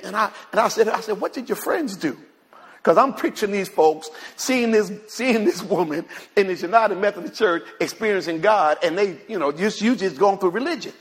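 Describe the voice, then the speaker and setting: A man's voice: high-pitched, husky, in a large hall. A male pastor, preaching and retelling a conversation, repeating words as he addresses the congregation in a church. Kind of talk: sermon storytelling. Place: church sanctuary.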